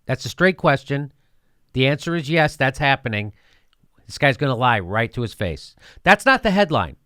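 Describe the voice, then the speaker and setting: A man's voice: medium pitch, sing-song, moderate pace, fairly bright tone. A man hosting a show, giving heated political commentary, indignant and sarcastic, repeating his points with profanity. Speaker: host.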